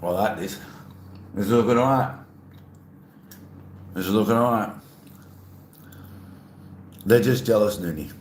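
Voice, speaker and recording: Deep-voiced man chatting on stream. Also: measured pace, long pauses. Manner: chatty, reads chat aloud, playful. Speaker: livestreamer. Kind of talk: casual live-stream chat. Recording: echoey room, faint ambient noise.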